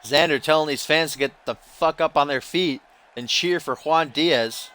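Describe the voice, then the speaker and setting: Bright-voiced joking game commentator, a man. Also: on the high side, normal speed, a faint crowd. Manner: joking, rambling, playful asides. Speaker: commentator of a video game wrestling league. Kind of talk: play-by-play commentary over gameplay.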